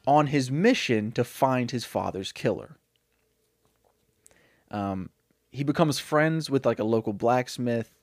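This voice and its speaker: A man's voice: mid-range voice, lively intonation, slow pace, long pauses, dry recording, clean studio sound. Rambling, chatty man in a casual podcast. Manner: rambling, chatty, full of fillers and self-corrections. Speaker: podcast co-host retelling a made-up movie. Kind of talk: casual storytelling chat.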